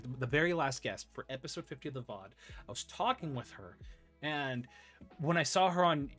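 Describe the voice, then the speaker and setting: A man hosting a casual interview podcast, animated and excitable, laughing often. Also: medium pitch. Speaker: podcast host.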